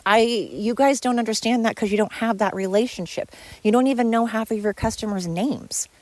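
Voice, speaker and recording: A woman's voice: a little fast, dry recording. Woman venting on her podcast, dry sound. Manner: venting, sarcastic, mimics others in high voices. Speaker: podcast host. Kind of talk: solo podcast rant.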